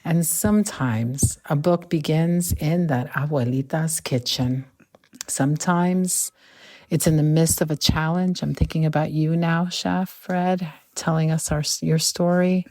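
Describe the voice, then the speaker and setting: Slow, deep-voiced woman host. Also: steady tone, no room sound, clean studio sound. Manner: measured, reflective, gently reads scripted thoughts. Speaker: podcast host. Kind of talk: interview hosting.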